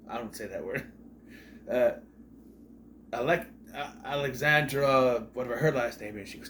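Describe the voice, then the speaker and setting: A man's voice: mid-range voice, animated, moderate pace, fairly bright tone, a little hiss or hum. Rambling exasperated man reviewing an episode. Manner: rambling, exasperated, swears, restarts often. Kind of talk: casual spoken review.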